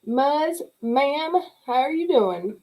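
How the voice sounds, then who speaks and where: A middle-aged woman with a drawl and a mellow, relaxed voice chats loosely through a livestream. She laughs often and greets each viewer by name as the comments scroll past. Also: high-pitched, slow pace, rough recording. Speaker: livestream host. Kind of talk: casual chat reading live comments.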